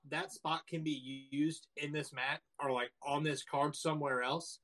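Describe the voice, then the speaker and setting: A young man talks loosely on a podcast, with plenty of fillers and casual swearing. His voice is middle-pitched and ordinary. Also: a bit bright. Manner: rambling, many fillers, swears. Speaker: podcast co-host. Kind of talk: casual chat.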